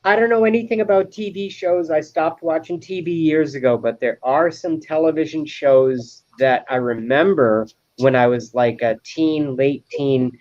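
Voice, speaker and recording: A man's voice: on the high side, moderate pace, hardly any pauses, darkish tone, highs cut off, a little hiss or hum. A man chatting as a guest on a live stream over a video call, rambling through a story with stammered restarts. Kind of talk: casual chat.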